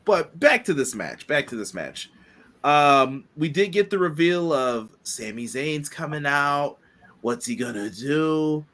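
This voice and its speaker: Upbeat, lively podcast host man. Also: a little high. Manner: upbeat, quick to laugh. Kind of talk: casual chat.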